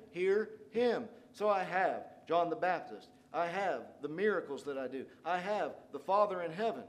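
A male pastor, his voice sitting a touch higher than most men's. He preaches through a scripture passage, reading verses aloud and then pressing their point home with growing emphasis. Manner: expository preaching, reads scripture aloud and paraphrases it with rising emphasis. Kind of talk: sermon.

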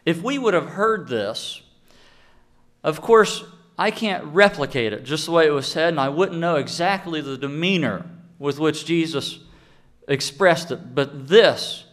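Emphatic male preacher, slightly high voice. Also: lively intonation, fairly bright tone. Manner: emphatic, with deliberate slowed phrases. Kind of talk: sermon.

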